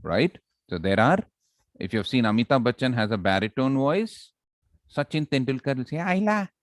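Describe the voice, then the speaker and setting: A man with an Indian English accent teaching public speaking in an online class, animated and asking the class for responses often. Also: medium pitch, normal speed, dry recording. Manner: animated, audience check-ins.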